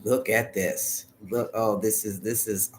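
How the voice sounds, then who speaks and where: A man's voice: fairly low pitch, fairly even intonation, a little slow, slight background noise. A man giving a live tarot reading in a dramatic, colloquial, sassy way, sometimes dropping into whispered asides. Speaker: tarot reader.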